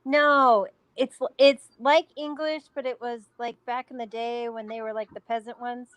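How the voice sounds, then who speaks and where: A woman's voice: on the high side, level tone, moderate pace, fairly bright tone, smooth, dry recording. A woman hosting a live chat, bubbly and chatty, often searching for words. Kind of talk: casual chat.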